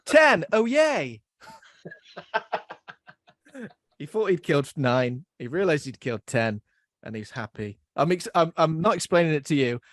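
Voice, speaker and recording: A young man hosting a podcast, talking in a loose, giggly, self-mocking ramble. His voice sits a little high for a man, and the recording is close and dry, with no room sound at all. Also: expressive, moderate pace, long pauses, no room sound. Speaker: podcast host. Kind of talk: casual podcast chat.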